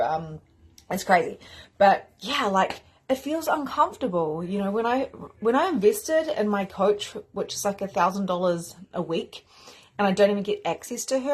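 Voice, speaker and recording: A woman with a slightly husky, breathy voice leads a live-streamed spiritual coaching talk. She is chatty and effusive, addresses viewers directly and now and then swears in passing. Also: medium pitch. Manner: casual, effusive, swears freely; talks straight to viewers, greets commenters.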